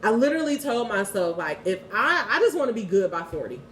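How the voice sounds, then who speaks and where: A woman in her thirties giving a casual spiritual card reading and prayer, candid and quick to swear and laugh. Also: medium pitch, big pitch swings, slight background noise. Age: 30s. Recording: echoey room, heard from a distance.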